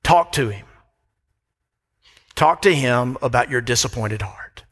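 A man's voice: mid-range voice, lively intonation, slow pace, a bit bright. A middle-aged man preaching a sermon from a church pulpit, emphatic and repeating phrases for weight. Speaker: pastor. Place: church sanctuary. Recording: long reverb of a church hall.

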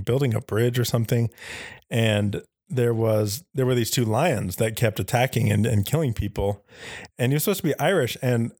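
A man's voice: medium pitch, a little mellow, no room sound. A man co-hosts a podcast in loose, casual chat, with a middle-range voice. He slips into goofy scene play and jokes often. The sound is dry and close, with no room around it. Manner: jokey, acts out silly movie scenes. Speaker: podcast co-host.

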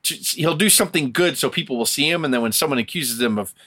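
A man rants on a podcast, cursing freely and slipping into mocking impressions. His pitch swings widely as he gets worked up. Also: animated, fast talker, pushed and bright. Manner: profane, ranting, mocks others in put-on voices. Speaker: podcast co-host. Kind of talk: heated casual chat.

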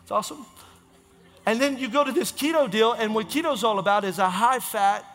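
This is a pastor mid-sermon, his bright, high-pitched voice charged with passion. He repeats himself for emphasis and makes rapid self-corrections, while the echoing church hall carries faint music in the background.

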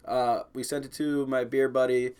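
A man's voice: mid-range voice, level tone, normal speed, mellow, smooth. A young man co-hosting a podcast, teasing and swearing in casual chat, laughing easily. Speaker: podcast co-host.

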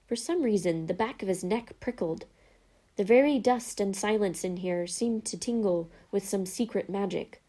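A woman narrating a storybook in a calm, even reading voice. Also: mid-range voice, moderate pace.

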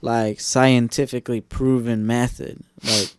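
A man's voice: mid-range voice, measured pace, clean tone, no echo, clean studio sound. Laid-back man in casual chat. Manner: relaxed, jokey, uses "like" and "dude".

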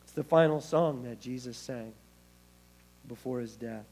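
A man preaching a sermon as pastor, expressive, with wide swings in loudness and casual, laughing asides. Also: medium pitch, unhurried.

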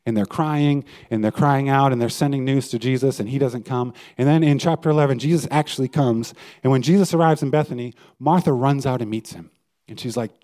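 Warm-voiced male pastor preaching. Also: mid-range voice, moderate pace. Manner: conversational preaching, asks the audience questions. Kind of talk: sermon.

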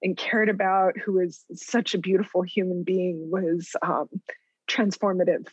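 A middle-aged woman from New Mexico, a writer, telling her story in an interview with many pauses and light laughs. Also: fairly low pitch, level tone, husky, no room sound. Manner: thoughtful, many ums and restarts, laughs lightly. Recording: dull lo-fi close recording.

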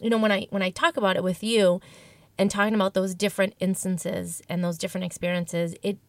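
A woman's voice: medium pitch, level tone, fairly quick, dry recording. A woman guest telling a candid personal story in an interview, reflective and emotional, often restarting her sentences.

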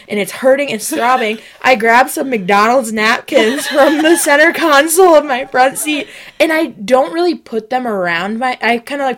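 A young woman with a mid-range voice co-hosts a comedy podcast, telling a story casually and animatedly while acting out the voices of the people in it. She's sick, sniffing and coughing.

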